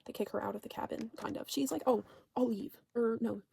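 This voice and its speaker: Rambling, swearing woman with a gravelly edge. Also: a little high, fast talker, a little mellow, a little hiss or hum. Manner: rambling, swearing, constant "like", self-correcting. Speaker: channel host recapping a TV show. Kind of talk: casual rambling recap.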